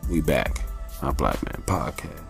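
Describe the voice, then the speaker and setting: A man's voice: very deep voice, sing-song, unhurried, vocal fry, soft background music. A man hosting a podcast, telling personal stories in a candid, profane, casual way. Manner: candid, profane, acts out voices in his stories. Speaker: podcast host. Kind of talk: casual storytelling monologue.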